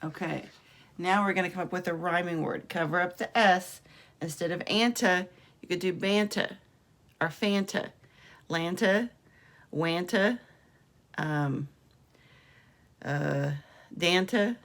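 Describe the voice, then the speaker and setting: A woman teacher leads young children through a phonics lesson, stretching out each letter sound and coaxing them along. She speaks very slowly, in a lowish voice with a gravelly edge. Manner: slow, encouraging, drawn-out sounds for kids.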